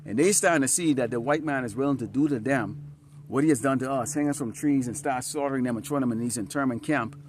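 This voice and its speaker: A fast-talking man with a medium-pitched, a little mellow voice preaches outdoors, reading from scripture, with slight background noise around him. The street preacher is emphatic and repetitive, frequently tossing out short questions like "Huh?" and "All right?". Conditions are dusty and slightly windy.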